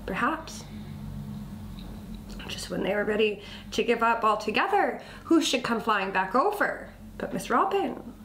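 A woman instructor telling a children's story, expressive and often dropping to a whisper. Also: fairly high pitch. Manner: slow, expressive, drops to whispers. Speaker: nature school instructor. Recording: echoey room, faint background noise.

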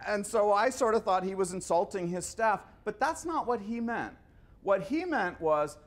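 A man's voice: high-pitched, lively intonation, moderate pace. A man in his fifties giving a conversational lecture full of anecdotes, often stumbling and repeating his words. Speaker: guest lecturer. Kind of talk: storytelling lecture.

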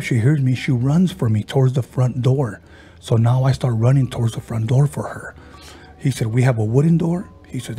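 A male podcast host with a warm, dark voice settles into a casual ghost story. He jumps between narration and his friend's quoted words, stumbling and restarting along the way. Faint music plays behind him. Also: medium pitch, breathy edge. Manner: halting, with frequent restarts and fillers.

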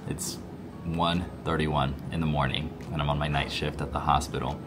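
Very deep voiced doctor guy, 30s, worn out on a night shift, vlogging from the hospital with lots of background noise. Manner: tired, candid, loosely paced talk. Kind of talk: casual vlog update. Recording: noisy hospital ambience.

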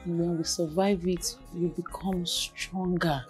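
An actress with a Nigerian accent playing a mother who gently coaxes her crying daughter. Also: fairly low pitch, steady tone, soft background music, close to an everyday voice. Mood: soothing. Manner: gentle, coaxing, unhurried. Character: soothing mother, middle-aged woman.

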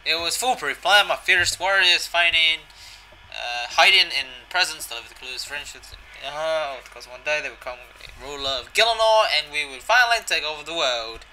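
A scheming penguin leader confesses his foiled plot in a strange put-on accent, as a man reads the game lines aloud. The voice is very bright and a little high, with a faint hiss behind it. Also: animated, normal speed, low-quality recording.

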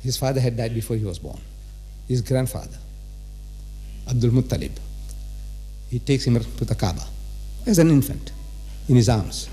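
Before a live crowd in a big auditorium, a man from South Africa gives a religious lecture, teasing and quizzing the audience with rhetorical questions. He speaks in a mid-range voice with a dark tone.

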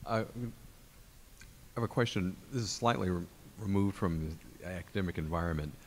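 Very deep-voiced man asking a question. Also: moderate pace, a little mellow, a little hiss or hum. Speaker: audience member asking a question. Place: law school lecture room.

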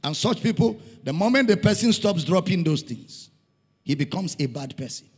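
Emphatic Nigerian pastor, high voice, hall echo. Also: male voice, expressive, moderate pace, darkish tone, breathy edge. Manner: emphatic preaching, repeating lines for stress. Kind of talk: sermon. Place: church hall. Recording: long hall reverb.

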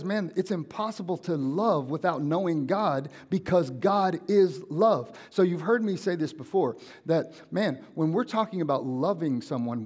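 A young man delivers a casual sermon in a church auditorium. His voice sits a bit high, and he keeps it animated by slipping into different voices for everyday conversations. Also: breathy edge. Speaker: pastor.

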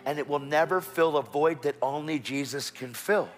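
A man's voice: on the high side, moderate pace, hardly any pauses. A man with a Texan accent preaching a sermon in a church, telling stories animatedly and acting out the voices of the people in them. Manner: animated storytelling with quoted voices. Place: church sanctuary.

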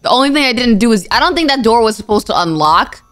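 Excitable young woman gamer. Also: on the high side, fast. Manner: excitable, exclamatory, slangy. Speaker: gaming YouTuber. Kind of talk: casual let's-play commentary.

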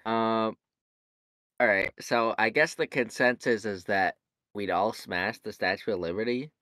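A man's voice: on the low side, measured pace, pushed and bright, dry recording. A man co-hosting a comedy podcast, rambling and jokey with lots of fillers and restarts. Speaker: podcast co-host. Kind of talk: casual chat.

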